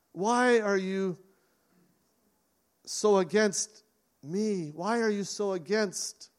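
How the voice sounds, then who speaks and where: A man voicing Jesus, gently pleading. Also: sits high. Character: Jesus, grown man, compassionate yet strong.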